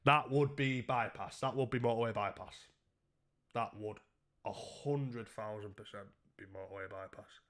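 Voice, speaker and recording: A man's voice: lowish voice, moderate pace, fairly bright tone. A man chatting casually and jokingly with his live-stream chat, swearing freely.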